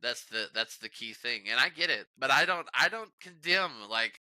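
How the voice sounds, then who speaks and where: Male podcast guest, blunt and teasing, very bright voice, dry close mic. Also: mid-range voice, animated, moderate pace, dry recording, low-quality recording. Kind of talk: casual podcast chat.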